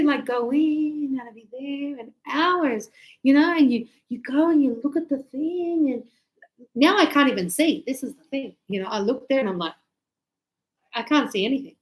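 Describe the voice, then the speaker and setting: A woman with a fairly high voice teaches an English class in an easy, conversational way. She acts out everyday exchanges and fills her pauses with playful sound effects. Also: poor audio. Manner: chatty, acts out little scenes with sound effects.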